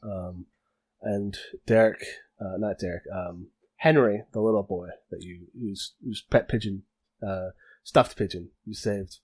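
A man's voice: on the low side, steady tone, measured pace, darkish tone, breathy edge. A man narrating as game master for a tabletop role-playing game, talking casually with many fillers and restarts.

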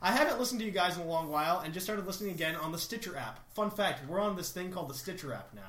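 A man's voice: high-pitched, lively intonation, racing, a bit bright. A man hosting a casual podcast with friends, reading listener emails aloud in a mock-formal tone. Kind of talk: casual chat. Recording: echoey room, faint noise.

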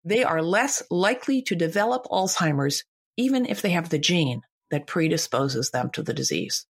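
A woman's voice: on the low side, very animated, normal speed, husky. An older woman, a guest author, speaking emphatically and with firm opinions in a conversational interview.

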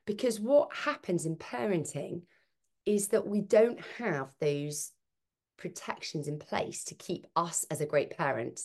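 A woman's voice: on the low side, unhurried. A woman, a podcast guest and author, talking about parenting in a conversational interview and acting out quoted speech. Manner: animated, acts out quoted speech.

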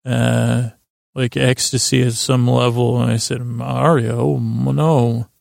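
A man with a deeply gravelly voice rambles through an episode recap. He speaks in a flat, even tone and often stops to restart his sentences. The recording is dry and close. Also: dry recording. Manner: halting, with many fillers and restarts. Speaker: podcast host.

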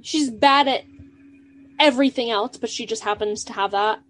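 A woman's voice: on the high side, normal speed, a bit bright. A woman co-hosting a podcast in casual chat, with wry, sarcastic quips. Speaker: podcast co-host.

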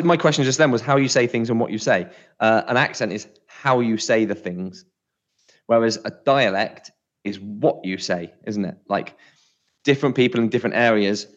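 Here a podcast co-host with a West Country accent, from the West of England near Bristol, talks in a loose, rambling, self-mocking style. His voice sits lowish, and the audio sounds dull.

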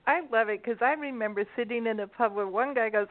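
A woman's voice: fairly high pitch, fast. A woman in casual chat who often adds short agreeing remarks. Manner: brief agreeing interjections. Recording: tinny phone line.

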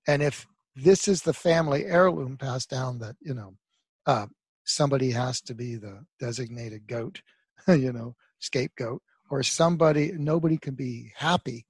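A man talking as a therapist on a talk show, telling a client story with emphatic bursts that trail off into quiet asides. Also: on the high side, a little slow, husky, dry recording. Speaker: guest therapist. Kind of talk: conversational interview talk.

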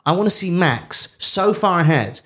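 A man's voice: sits high, expressive, normal speed, a bit bright. A man co-hosting a casual comedy podcast, joking around and slipping into playful voices. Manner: jokey, does playful voices of drivers. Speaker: podcast co-host.

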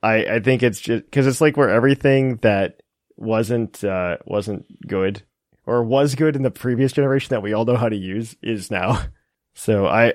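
A man's voice: on the low side, no room sound, clean studio sound. A man hosting a podcast, easygoing and casual as he leads into segments. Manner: easygoing, halting with fillers. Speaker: podcast host.

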